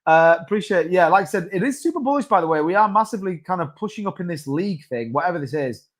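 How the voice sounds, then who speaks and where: Chatty man, slightly high voice. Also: fast. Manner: rambling, chatty, with many restarts and asides to chat. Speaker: crypto livestream host. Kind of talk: casual live-stream market commentary.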